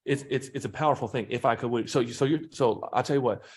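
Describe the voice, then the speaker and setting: Profane, animated man telling stories. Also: medium pitch, fast talker, hardly any pauses. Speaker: podcast guest, sales trainer. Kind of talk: casual interview talk.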